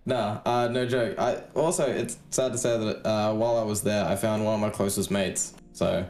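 A man's voice: fairly low pitch, steady tone, normal speed, darkish tone, faint music behind. A man with an Australian accent, co-hosting a podcast in casual chat, laid-back, swearing freely and using lots of fillers. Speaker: podcast co-host.

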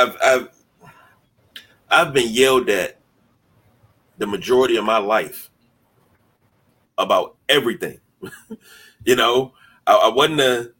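A man hosting a sports podcast in casual talk, animated and mocking, often stumbling over repeated words as he starts a thought. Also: medium pitch. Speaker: podcast host.

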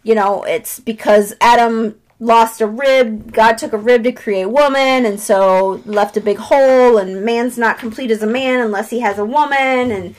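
A woman casually recapping a film plot, swearing freely and animated. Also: a little high, measured pace, few pauses, poor audio. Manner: profane, animated retelling with voiced quotes.

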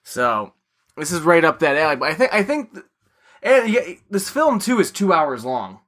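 A man's voice: a little high, big pitch swings, moderate pace, a bit bright. A man co-hosting a podcast, giving thoughtful opinions in casual chat. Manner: thoughtful, opinionated film talk. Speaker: podcast co-host.

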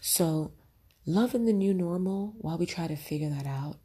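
Low, husky woman giving heartfelt advice. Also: lively intonation, moderate pace, dark tone. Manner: earnest, addresses listeners directly with frequent "right?". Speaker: podcast host. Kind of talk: motivational advice talk.

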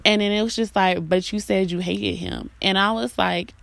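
A woman's voice: mid-range voice, steady tone, moderate pace, creaky, a bit bright, dry recording. A young woman in a casual confessional chat. She talks candidly and rawly, swears freely, and leans on filler words. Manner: sings snatches of songs between talking. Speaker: vlogger.

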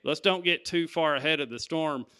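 Bright-voiced man preaching a testimony. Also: fairly high pitch, moderate pace, clear, resonant tone. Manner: storytelling, calling out "Amen?" to the congregation. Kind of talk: sermon testimony.

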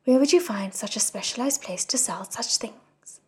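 A woman voicing a gruff, greedy old male scam cultivator in a storybook reading, quarrelsome and scornful. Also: on the high side, normal speed, darkish tone, close to an everyday voice.

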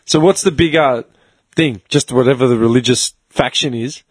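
A man co-hosting a podcast in casual chat, animated and joking, often laughing and swearing. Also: medium pitch, no room sound. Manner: animated, laughing, swearing, quick jokey asides. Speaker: podcast co-host.

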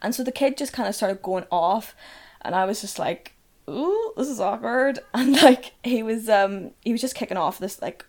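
A young woman with a Northern Irish accent spins casual anecdotes in a loose, chatty flow. She swears without a second thought and fills her sentences with "like". Her pitch sits in the middle range for a woman. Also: normal speed. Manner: chatty, swears freely, peppers speech with "like".

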